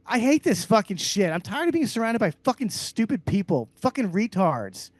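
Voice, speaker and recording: A man co-hosting a comedy podcast, ranting loudly and sarcastically with heavy profanity. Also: sits high, very animated, normal speed, dry recording. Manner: loud, abrasive, sarcastic. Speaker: podcast co-host.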